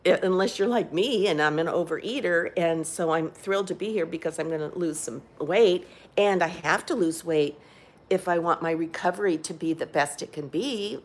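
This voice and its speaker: Older woman, low-voiced, rambling candidly. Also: normal speed. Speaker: vlogger. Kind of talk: casual personal video diary. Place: rehab facility.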